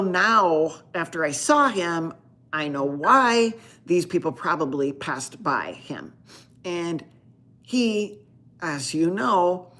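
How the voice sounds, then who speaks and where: A woman with a low voice hosts a live stream from home. She chats casually with her viewers and rambles through her stories, restarting her sentences often. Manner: rambling storytelling with many restarts. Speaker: doctor hosting a live Q&A stream.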